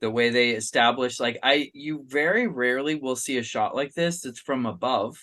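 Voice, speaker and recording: Guest director guy geeking out on camera shots, mid-pitched everyday voice, eager. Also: moderate pace, sharp tone. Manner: enthusiastic, technical about shots. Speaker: podcast guest, film director. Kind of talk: casual film discussion.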